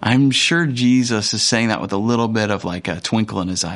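A man, a pastor, giving a conversational and earnest sermon with frequent pauses and fillers. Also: fairly low pitch, a bit bright.

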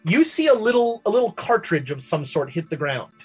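A man running a tabletop game as game master, narrating haltingly with many fillers and restarts. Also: high-pitched, sing-song, husky, soft background music.

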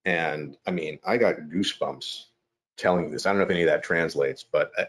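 Deep-voiced man telling a story. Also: a little fast. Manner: animated, acts out quotes in raised voice. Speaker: actor, guest. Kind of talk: conversational storytelling. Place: New York.

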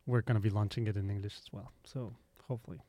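A man's voice: fairly low pitch, fairly even intonation, quick pace, dark tone, no echo. A man speaking as a podcast guest in casual chat, agreeable with brief replies.

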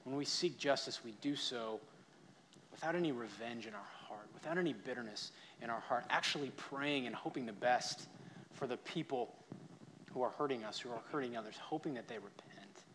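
A man preaching a sermon, telling stories and shifting between loud emphasis and quiet asides. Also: medium pitch, moderate pace, a little hiss or hum. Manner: storytelling, varies loudness for emphasis. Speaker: pastor.

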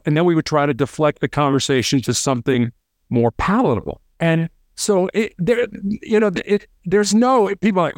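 Man, former hostage negotiator, quick talker, doubled-up restarts, somewhat high voice, dry close sound. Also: animated, dry recording. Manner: fast-talking, repeats words on restarts. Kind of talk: casual interview storytelling.

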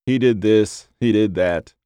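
A man voicing an affectionate young man who dotes on his dog, speaking in a gentle, coaxing way. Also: lowish voice, measured pace, clear, resonant tone, no room sound, clean studio sound, close to an everyday voice. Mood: doting.

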